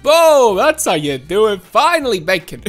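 A woman hosting a gaming channel, giving excitable, playful let's-play commentary with frequent laughs and shouts. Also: medium pitch, measured pace, soft background music.

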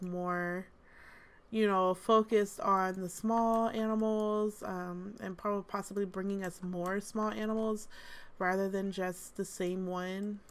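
Chatty woman with vocal fry. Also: medium pitch. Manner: chatty, amused, many fillers. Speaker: gaming channel host. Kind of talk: casual gameplay commentary.

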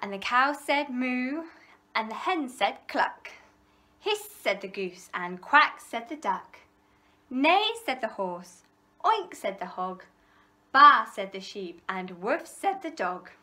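A woman reading a rhyming picture book aloud for children, with a rhythmic, expressive delivery and playful animal noises. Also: fairly high pitch, slow pace. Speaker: library storyteller.

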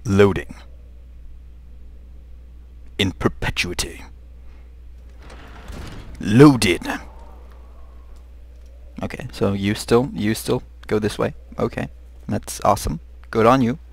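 A young man giving live commentary on a horror game, muttering to himself and breaking into high, panicked shrieks. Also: slow, vocal fry, pauses often, dry recording. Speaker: gaming video host.

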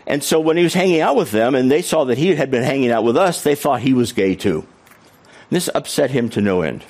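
A man's voice: medium pitch, expressive, fairly quick, darkish tone. A middle-aged man giving a humorous storytelling keynote talk on stage. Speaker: keynote speaker.

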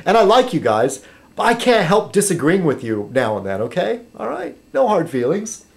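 Rambling man with a lively voice. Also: a little high. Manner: halting, with many fillers and restarts; chatty while sipping beer. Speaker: vlogger thanking subscribers. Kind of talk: casual rambling monologue.

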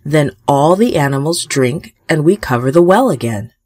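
A woman's voice: low-pitched, animated, moderate pace, darkish tone, dry recording, clean studio sound, voice pushed down. A woman voicing a friendly group of shepherds who answer plainly and helpfully in a children's storybook.

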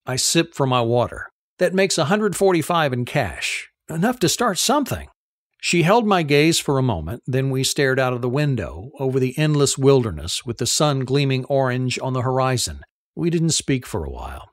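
Male audiobook narrator, first-person read, animated intonation, close dry sound. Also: mid-range voice, moderate pace, dry recording.

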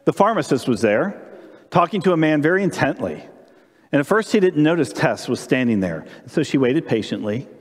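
A man preaching during a church service, telling a story in an animated way and asking the congregation questions. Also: on the high side, moderate pace, in a large hall. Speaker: pastor. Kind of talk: sermon with storytelling. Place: church sanctuary during live-streamed service.

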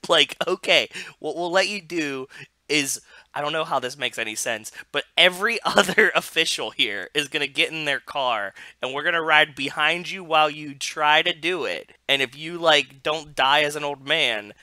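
A man's voice: on the high side, normal speed, no room sound. A man co-hosting a podcast, casually retelling a movie with lots of laughter and acted-out lines. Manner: laughs often, animated, acts out lines. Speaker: podcast co-host. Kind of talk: casual chat recapping a movie.

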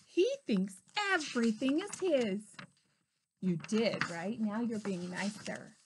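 A woman reading a picture book aloud to a preschooler, stopping to talk to the child in an animated way. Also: medium pitch, slow pace, a little hiss or hum. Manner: animated, talks to the child between lines. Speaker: storyteller.

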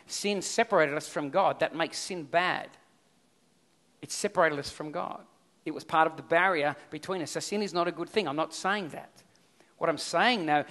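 A middle-aged Australian man delivers a sermon in a high voice. His tone is bright and forceful, and he tells stories with lively energy, circling back over his points. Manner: storytelling, animated, repeats himself. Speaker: pastor.

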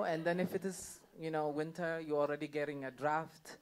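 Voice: mid-range voice, fairly even intonation, normal speed, few pauses. A stand-up comedian working a live room, talking in loose, looping sentences stuffed with "like, you know." The delivery is casual and giggly, with the comic chuckling through the punchlines. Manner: chatty, heavy "like, you know" fillers, laughing at own jokes. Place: comedy club stage before a live audience.

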